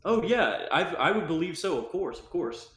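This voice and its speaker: A man's voice: fairly high pitch, sing-song, moderate pace, fairly bright tone, voice pushed up. Man as a befuddled young adventurer, hesitant, roomy echo. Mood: confused. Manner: bewildered, hesitant. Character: confused young adventurer who just woke up. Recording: echoey room.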